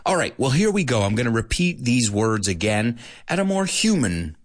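Lively man teaching an online English class. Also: mid-range voice, normal speed. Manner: animated, playful, switching into Spanish asides. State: out of breath at times. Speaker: English teacher hosting a live stream. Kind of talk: live-streamed language lesson.

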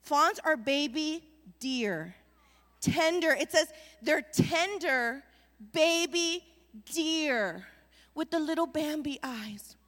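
A woman pastor delivers an animated sermon and keeps calling the congregation to respond. Her voice sits high and carries a long reverb from a large church sanctuary. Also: slow. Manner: animated preaching with call-and-response.

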